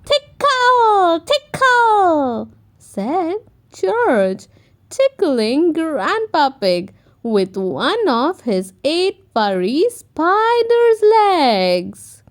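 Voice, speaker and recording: A woman reading a children's picture book aloud in an expressive, gently paced way. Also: high-pitched, drawn-out words. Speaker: storytime reader. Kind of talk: children's read-aloud narration.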